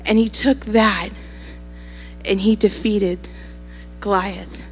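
A woman's voice: mid-range voice, steady tone, slow, in a large hall, faint music behind. A woman pastor preaching a sermon, telling a story animatedly and acting out the quoted lines.

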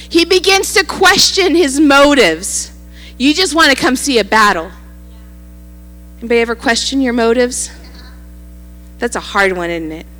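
A woman's voice: high voice, sharp tone, in a large hall. A woman pastor preaching a sermon, telling a story animatedly and acting out the quoted lines.

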